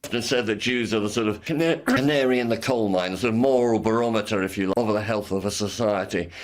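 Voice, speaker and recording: A man, a rabbi, answering a news interview in a measured, thoughtful way with frequent pauses. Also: lowish voice.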